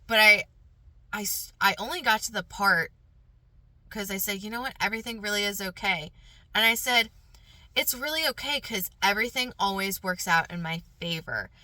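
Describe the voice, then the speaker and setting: A woman's voice: mid-range voice, moderate pace, sharp tone, no echo. A woman podcast host and coach telling a personal story in casual, emotional, earnest speech, then reading affirmations.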